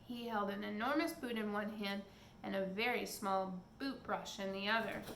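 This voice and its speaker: A woman's voice: mid-range voice, normal speed, vocal fry, a bit bright, slight background noise. A woman reading a children's story aloud in a casual way, in an echoey room. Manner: casual, stops to chat with someone nearby. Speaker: reader. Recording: echoey room with faint background.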